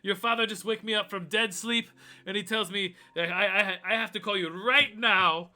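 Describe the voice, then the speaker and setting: A man's voice: high voice, moderate pace, sharp tone, pitched above the performer's own voice. Man putting on a heavy-accented Russian woman. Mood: urgent. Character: earnest Russian woman caller, urgent.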